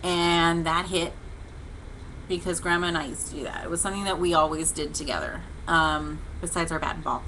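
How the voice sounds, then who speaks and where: A woman's voice: low voice, steady tone, brisk, pushed and bright, a little hiss or hum, poor audio. A woman hosting a casual devotional vlog, telling a long story in a chatty, rambling way with many fillers and restarts. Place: home livestream. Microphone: webcam or computer mic.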